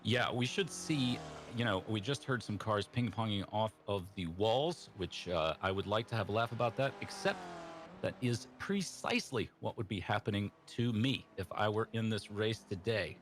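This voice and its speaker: A man's voice: fairly low pitch, animated, moderate pace. A man hosting a live sim racing broadcast, joking and self-deprecating as he introduces the race. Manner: upbeat, jokey, self-deprecating. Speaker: host and race commentator. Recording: music behind the voice. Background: background music and car engine noise.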